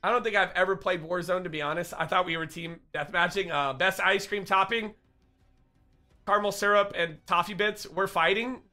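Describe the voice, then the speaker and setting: Bright, high-voiced playful male streamer. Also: steady tone, moderate pace, faint music behind. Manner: playful joking banter, laughs often. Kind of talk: casual live-stream chat with viewers.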